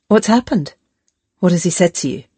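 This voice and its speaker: A woman voicing an anxious young singer in an audiobook, her delivery quick and nervous. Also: lowish voice, lively intonation, warm tone, husky, no echo.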